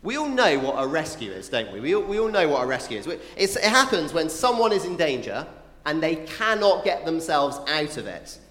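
A man preaching to a mixed church crowd of families, playful and animated, tossing asides to the children. His voice sits a bit high and swings widely in pitch. It rings out in an echoey hall with a long reverb tail. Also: a little fast. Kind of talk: family Christmas sermon.

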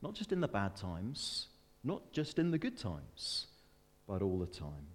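A man preaching a sermon in an earnest manner, slowing down for weighty scripture readings and breaking into chatty, self-deprecating asides. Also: fairly low pitch, wildly swooping pitch, slightly rough, big-room sound. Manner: earnest, with rising emphatic peaks and slowed, weighty readings.

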